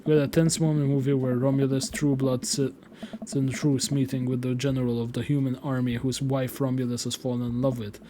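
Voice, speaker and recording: A man's voice: mid-range voice, little pitch movement, normal speed, few pauses, dark tone, a little hiss or hum. Casual, foul-mouthed young male streamer reading a game aloud, mid-range voice. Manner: casual and profane, chatting between read lines.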